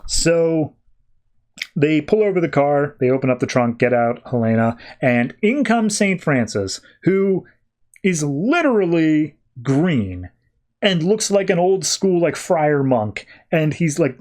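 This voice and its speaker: Man recapping comics casually. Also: on the high side. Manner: animated, slips into quick character voices while retelling. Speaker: podcast host.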